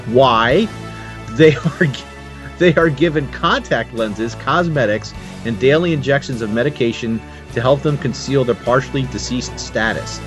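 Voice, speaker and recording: A man's voice: medium pitch, soft background music. A man chatting casually on a podcast, reading a show summary aloud and joking with friends. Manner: jokey, reads aloud quickly, laughs often.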